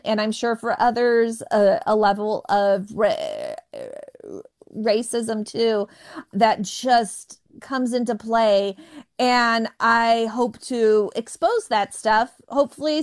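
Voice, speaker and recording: A woman who stutters on the first sounds of words, telling stories in an interview. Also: fairly high pitch. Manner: stutters, with repeated syllables; animated storytelling with quoted voices. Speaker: guest. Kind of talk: interview conversation.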